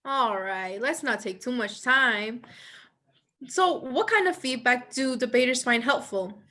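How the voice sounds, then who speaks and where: A woman with a high voice leads a training presentation. She reads slide text aloud and then explains it in her own words. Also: animated, a little slow, pushed and bright. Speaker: debate judge trainer. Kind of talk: instructional presentation.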